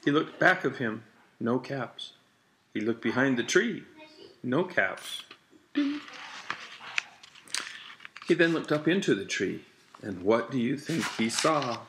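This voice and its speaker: A man reading a children's picture book aloud with a slow, deliberate, repetitive storytelling cadence. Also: mid-range voice, expressive, fairly bright tone, slight background noise.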